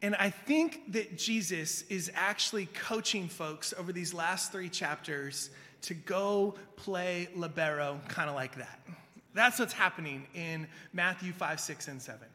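A man's voice: high voice, a little slow, sharp tone. A man preaching a casual, conversational sermon as pastor, talking in a chatty way full of fillers. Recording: long hall reverb.

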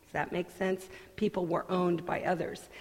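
A woman pastor delivering a sermon in a church sanctuary, earnest and deliberate, with conversational asides. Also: fairly low pitch, little pitch movement. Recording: long hall reverb.

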